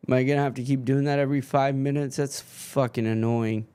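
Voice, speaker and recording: A man's voice: medium pitch, steady tone, fairly quick, warm tone, clean tone. A man hosting a live football watchalong stream, swearing and grumbling as his stream keeps freezing.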